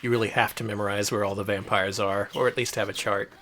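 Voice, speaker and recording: A man's voice: fairly low pitch, little pitch movement, fast talker, a bit bright. A man co-hosting a retro game stream, making dry, joking asides. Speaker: stream co-host. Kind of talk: casual let's-play commentary.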